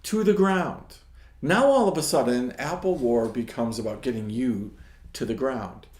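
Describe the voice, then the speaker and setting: A man's voice: medium pitch, a little slow, a little mellow. A man hosting a ministry talk show, telling a childhood story in a casual devotional way and often checking in with "right?". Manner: storytelling, keeps asking "right?". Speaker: ministry host. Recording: echoey room.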